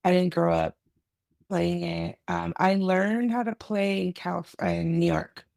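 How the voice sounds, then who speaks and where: A woman chats as a guest on a podcast recorded over a video call. She thinks aloud as she goes and leans on fillers. Her low voice is strongly gravelly and sounds close and dry. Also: steady tone, a little slow, a little mellow, no room sound. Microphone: video call mic.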